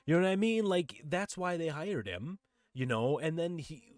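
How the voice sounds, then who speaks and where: A man's voice: on the high side, lively intonation, moderate pace, a little mellow, no room sound. A man co-hosting a podcast in casual chat, ranting with swearing and acting out quotes in raised voices. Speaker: podcast co-host.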